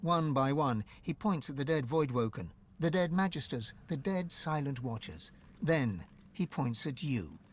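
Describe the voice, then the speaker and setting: A man narrating a fantasy game in an expressive, scripted storybook delivery. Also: fairly high pitch, measured pace, hardly any pauses, slight background noise.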